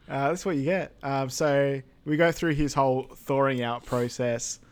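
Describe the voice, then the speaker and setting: A man's voice: medium pitch, fairly even intonation, unhurried, clear, resonant tone. A man co-hosting a podcast, making dry joking asides in a casual film recap. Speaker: podcast co-host.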